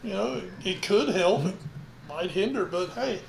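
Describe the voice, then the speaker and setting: High-voiced man in a roomy space. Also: lively intonation, moderate pace, gravelly. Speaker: podcast co-host. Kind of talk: casual sports chat. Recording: roomy, faint hiss.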